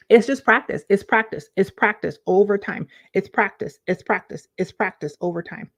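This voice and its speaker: Woman life coach, talking to camera, lively, repeats key phrases. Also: lowish voice, fairly quick, few pauses, breathy edge. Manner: animated, conversational, repeats phrases for emphasis. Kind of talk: direct-to-camera coaching talk.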